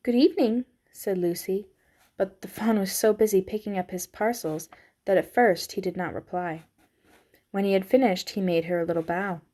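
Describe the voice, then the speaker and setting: A woman reading a children's storybook aloud, narrating in a soft, measured way. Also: mid-range voice, steady tone. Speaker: audiobook reader.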